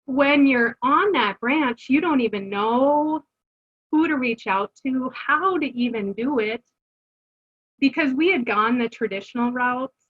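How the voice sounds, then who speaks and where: With a high, expressive voice that has a breathy edge, a middle-aged homeschooling mother unhurriedly tells her family's story as an interview guest. She's earnest and conversational, using fillers and restarts, and the audio lacks its highs.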